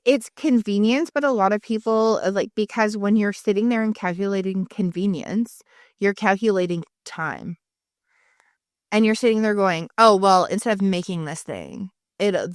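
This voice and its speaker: Animated woman telling stories, dry close mic. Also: medium pitch, moderate pace, no echo. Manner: animated storyteller, acts out quoted people. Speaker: podcast co-host. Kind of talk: casual podcast chat.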